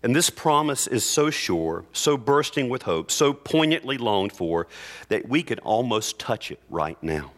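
A male pastor preaching earnestly in church, reading scripture aloud with slow, emphatic phrases. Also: mid-range voice, big pitch swings, a bit bright. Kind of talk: sermon.

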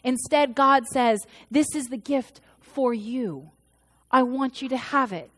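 A woman's voice: high-pitched, slow. A woman in her thirties, a pastor, preaching a sermon in a storytelling way and acting out the voices she quotes. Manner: storytelling, acts out quoted voices with shifts in loudness.

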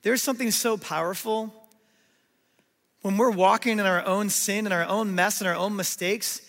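A man preaching a sermon in a sanctuary, his voice pitched high with a gravelly edge. He tells the story with animated delivery and acts out what people said, and long reverb trails after him. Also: normal speed. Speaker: pastor.

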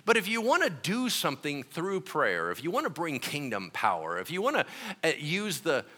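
A man delivers a sermon in a lively, joking way, with his pitch swinging freely. His slightly high, bright voice keeps the teaching light and conversational, and he often laughs at his own asides. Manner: animated, joking storyteller. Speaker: pastor.

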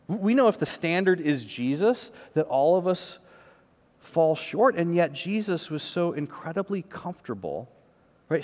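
A male pastor delivers a conversational sermon, emphatic and full of repeated words and frequent "right?" asides. His voice is on the high side with a darkish tone, and the long reverb of a large hall surrounds it.

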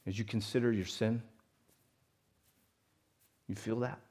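A man preaching a sermon to a congregation, moving between loud emphatic lines and quiet conversational asides. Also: fairly low pitch, fairly even intonation, a little slow, long pauses. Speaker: pastor.

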